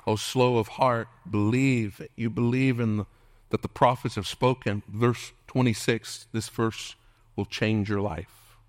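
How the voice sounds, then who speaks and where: A middle-aged man preaching a sermon as pastor, impassioned, calling out to the congregation and at times dropping to a hushed whisper. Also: fairly low pitch, fairly even intonation, a little slow. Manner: calls out to the congregation for responses.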